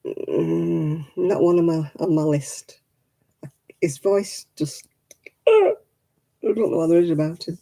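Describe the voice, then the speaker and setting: A woman's voice: fairly low pitch, expressive, slow pace, gravelly, pauses often, dark tone. A woman hosting a casual craft live stream, chatty and rambling, laughing often.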